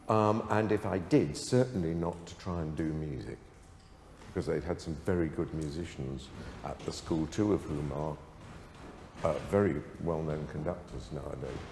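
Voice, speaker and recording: Deep-voiced older man in an echoey hall. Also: a little mellow, a little hiss or hum. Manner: self-deprecating, hesitant with many fillers. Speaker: composer, guest. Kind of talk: conversational anecdote on stage. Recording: echoey hall, faint ambience.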